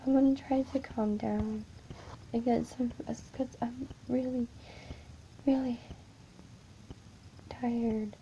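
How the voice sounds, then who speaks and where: Halting, frightened woman telling a story. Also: a little high, steady tone, warm tone, a little hiss or hum, poor audio. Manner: halting, frightened, often dropping to a whisper. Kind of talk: first-person horror story narration.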